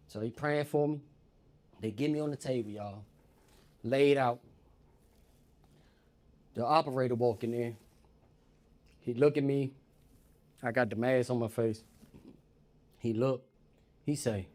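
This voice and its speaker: On stage doing stand-up, a man tells a story animatedly and addresses the audience directly as "y'all." His mid-range voice moves a little slowly, with long pauses.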